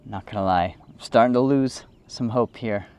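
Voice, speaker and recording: A man hosting a travel vlog outdoors on a river boat, chatting casually and mock-solemn, mixing in halting Spanish. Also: lowish voice, darkish tone, clean tone. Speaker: travel vlogger.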